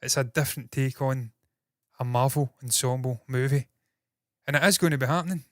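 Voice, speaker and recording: A Scottish man hosting entertainment news in casual solo commentary, talking fast with a slightly nasal voice, swearing freely and mocking himself. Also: mid-range voice, no room sound, studio quality. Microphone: processed with equalizers, compression and noise gate.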